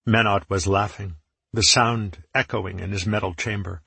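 A man narrating a first-person fantasy audiobook in steady, dramatic storytelling. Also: on the low side, normal speed, vocal fry, slightly rough, dry recording.

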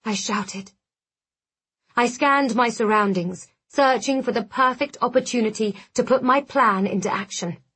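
Slow, breathy woman narrating a dark tale. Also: on the high side. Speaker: audiobook narrator. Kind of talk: first-person scripted narration.

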